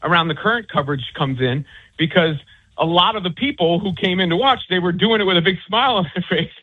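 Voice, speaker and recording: Husky man on a tinny phone line. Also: high-pitched, animated, fast talker. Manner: rambling, many restarts and fillers. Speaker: author and sports commentator. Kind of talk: phone interview guest.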